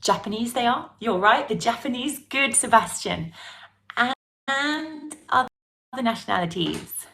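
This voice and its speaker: A woman's voice: on the high side, gravelly, a little hiss or hum. A woman with a British English accent teaching a pronunciation class, coaxing her students and drilling sounds with careful repetition. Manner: lively, coaxing, drills sounds slowly and repeats them. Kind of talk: live online pronunciation lesson.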